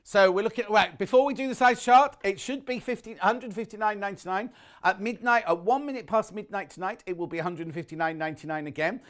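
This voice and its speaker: A man presenting on a shopping channel, talking in a rapid, chatty sales patter that often corrects itself, a bit out of breath, recorded on a lapel mic in a TV studio. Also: high-pitched, fairly bright tone. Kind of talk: live TV sales pitch.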